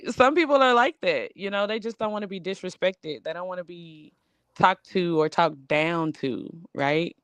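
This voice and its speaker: A woman's voice: on the low side, moderate pace, clear, resonant tone, no echo. Chatty Southern woman, dry close sound. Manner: animated, drawling, lots of fillers. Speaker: podcast co-host. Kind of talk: casual barbershop-style chat.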